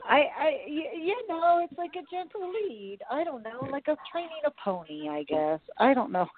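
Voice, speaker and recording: A woman's voice: high voice, sing-song, normal speed. A woman co-hosting a podcast, chatting casually, swearing and laughing as she tells stories. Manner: laid-back, swears, laughs between lines. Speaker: podcast co-host. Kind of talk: casual crude chat. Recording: phone-like line with crowd noise behind.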